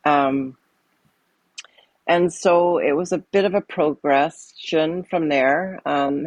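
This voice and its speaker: Middle-aged woman, yoga teacher guest; gravelly, dry close mic, rambling storyteller. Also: low-pitched, darkish tone, dry recording, highs cut off. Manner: rambling, many restarts and fillers. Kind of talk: casual storytelling.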